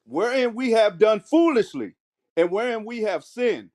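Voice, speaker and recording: A man reading scripture aloud in a measured way, slowing on key phrases. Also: high voice, lively intonation, darkish tone. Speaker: scripture reader.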